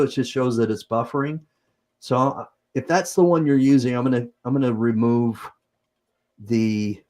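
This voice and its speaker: A man's voice: medium pitch, darkish tone. A man with a Utah accent hosting a livestream, chatting casually and improvising as he reads comments. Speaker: host.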